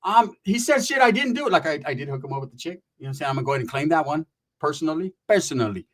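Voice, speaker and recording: A Northern California man with a high-leaning voice races through a wild personal story. He talks in casual, profane street slang peppered with Spanish words. He acts out the people involved, with an animated delivery.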